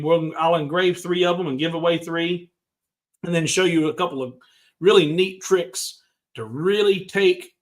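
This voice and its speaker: Middle-aged man, livestream host, slightly high voice, loose and rambling. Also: a bit bright. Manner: rambling, talks to chat viewers by name. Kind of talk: casual livestream chat.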